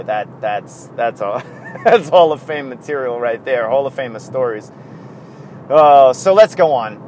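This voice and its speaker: A male podcaster talks casually by himself in a mid-range voice, spinning meandering stories, chuckling, and fixing his own words. A slight hiss or hum sits under the audio.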